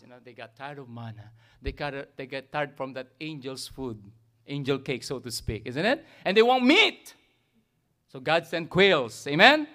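An animated Filipino-accented pastor preaches a sermon, often tagging his remarks with "isn't it?" and "amen?". His voice sits on the high side.

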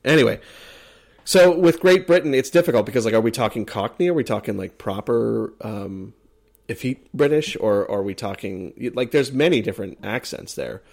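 A man's voice: mid-range voice, expressive, moderate pace, vocal fry, darkish tone. An American man co-hosting a casual chat, rambling with lots of fillers and restarts. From United States. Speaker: podcast co-host. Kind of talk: casual chat ranking accents.

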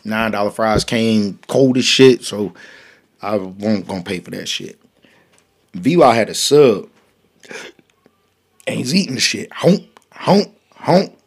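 A man hosting a podcast, telling a profane story in a casual, animated way, swinging from loud bursts to hushed asides. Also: on the low side, a little slow, long pauses. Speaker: podcast host.

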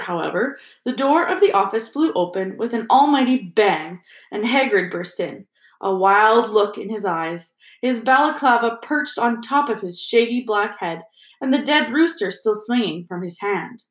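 A woman reading a storybook aloud in a steady, even storytelling manner. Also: mid-range voice, normal speed, roomy sound. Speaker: audiobook reader. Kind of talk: scripted narration.

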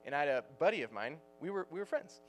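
Male youth pastor, 30s, casual joking sermon, a little high-voiced, light music bed. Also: sing-song, quick pace. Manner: casual, joking, laughs often.

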